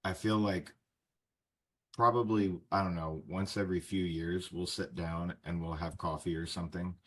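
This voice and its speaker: A man in his thirties from the United States hosts a relaxed interview podcast. His voice is very deep with a husky, slightly breathy grain. He keeps the chat going with friendly, easygoing questions. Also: normal speed. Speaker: podcast host.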